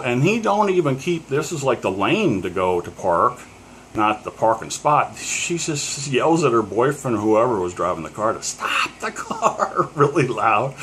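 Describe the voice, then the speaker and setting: A man's voice: mid-range voice, a bit bright, slight background noise. A middle-aged man from Pennsylvania telling a story casually to the camera, rambling with many fillers and chuckles. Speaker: collector.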